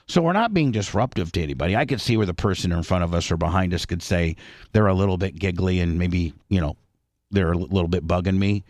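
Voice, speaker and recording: A middle-aged man hosting a talk radio show, telling a rambling, animated story full of crude slang. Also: on the low side, no room sound, clean studio sound.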